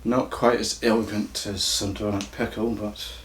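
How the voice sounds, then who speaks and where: A Scottish YouTuber with a croaky voice, casually flubbing takes and swearing at his own mistakes. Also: lowish voice, level tone, moderate pace, a little hiss or hum. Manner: swears freely at his own flubs, self-mocking.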